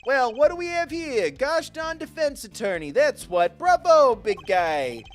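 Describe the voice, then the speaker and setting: A man's voice: very high-pitched, very animated, a little slow, faint music behind, pitched above the performer's own voice, full character voice. A man voicing a brash, boisterous older male defense attorney in a video game. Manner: boisterous and bragging.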